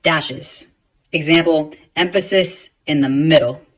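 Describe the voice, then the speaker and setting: A man teaching a writing lesson, explaining grammar and rereading example sentences slowly and deliberately. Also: a little high, fairly bright tone, poor audio.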